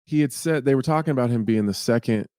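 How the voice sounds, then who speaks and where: An excitable man chats on a podcast and swears often. His voice is mid-pitched for a man. The recording is close and dry. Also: fast, no echo. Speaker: podcast co-host. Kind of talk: casual chat.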